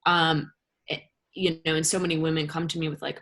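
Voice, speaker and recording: A woman talking as an interview guest, rambling and animated, with many fillers and restarts. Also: deep voice, brisk. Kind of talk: casual interview chat.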